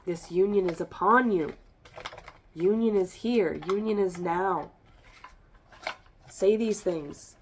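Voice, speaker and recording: In this spiritual reading monologue, a tarot reader speaks directly to her listeners in a rambling, emphatic way, a little congested. Her mid-range voice moves slowly with long pauses, and there's a little hiss or hum.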